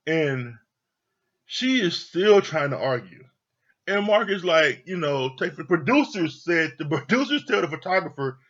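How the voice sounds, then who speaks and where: A man's voice: sits high, lively intonation, a little slow, a bit bright, lo-fi sound. A man giving a casual, blunt and profane recap of a reality TV episode, often breaking into laughter. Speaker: reality TV reviewer.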